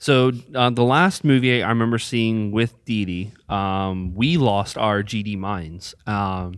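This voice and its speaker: A man hosting a casual group chat, excitable and rambling, with many fillers. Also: fairly low pitch, unhurried, smooth, dry recording, clean studio sound. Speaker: podcast host.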